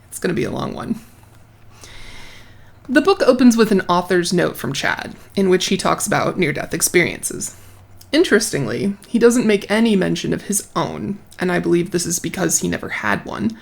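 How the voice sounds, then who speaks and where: Hoarse, gravelly woman host, wry. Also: fairly low pitch. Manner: wry, dryly sarcastic. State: hoarse from bronchitis. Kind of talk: book review commentary.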